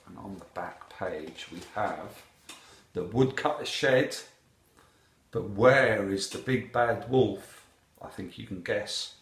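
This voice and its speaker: A man reading a picture book aloud to children, animated and asking the listener questions. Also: on the low side, slow pace, roomy sound. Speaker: storyteller.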